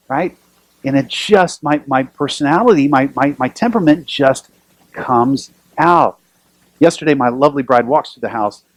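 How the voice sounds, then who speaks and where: A man preaching a sermon as pastor, telling lively stories with self-deprecating humor. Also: fairly high pitch, no room sound, poor audio.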